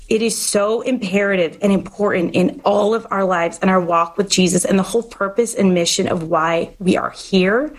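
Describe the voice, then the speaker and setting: A woman's voice: medium pitch, rough recording. A woman hosting a faith-based podcast, talking earnestly and encouragingly like a short sermon. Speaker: podcast host. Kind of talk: faith-based interview chat.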